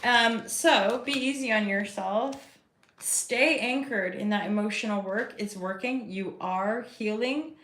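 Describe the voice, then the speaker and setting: A woman's voice: medium pitch, takes it slowly, fairly bright tone. Rambling, chatty tarot-reading woman in an echoey room. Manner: rambling, chatty, spiritual talk to viewers. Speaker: tarot reader and host. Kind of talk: casual live tarot reading. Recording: roomy echo.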